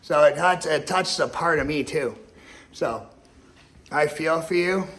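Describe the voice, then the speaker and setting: Guy ranting into his camera, kinda high voice, all over the place, swears a lot, emotional. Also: measured pace, fairly bright tone. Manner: rambling, profane, emotional and repetitive. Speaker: vlogger.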